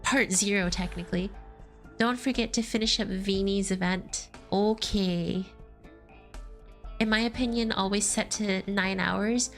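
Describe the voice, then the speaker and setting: A woman's voice: mid-range voice, fairly even intonation, a little slow, soft background music. A woman streamer reading through a game story, with playful, giggly commentary. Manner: playful, giggly, reads game dialogue aloud.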